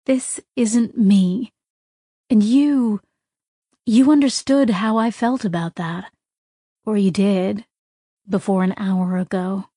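A woman's voice: medium pitch, slow, long pauses, dark tone, no room sound, studio quality. A woman voicing a young female artificial intelligence in a child's body, speaking earnestly and pleadingly. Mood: hurt.

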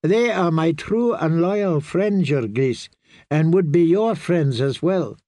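A man's voice: a little high, lively intonation, slow pace, mellow, dry recording, clean studio sound, pitched above the performer's own voice. A man reading an audiobook, voicing a proud young princess who speaks persuasively and soothingly.

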